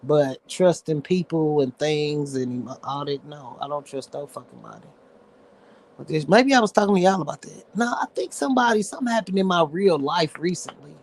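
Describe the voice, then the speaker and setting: High-voiced man, sassy profane rant. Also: animated, moderate pace. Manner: blunt, profane, sassy ranting. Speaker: show host. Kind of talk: casual livestream rant.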